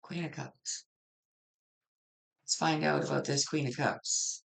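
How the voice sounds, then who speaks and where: A tarot reader delivers a general reading in a loose, conversational way. The talk is plain-spoken and blunt, with casual cursing and sentences that restart and wander. The voice sits at an ordinary middle pitch. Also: level tone, slow pace, gravelly. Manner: blunt, frank, swears casually; rambling with frequent restarts.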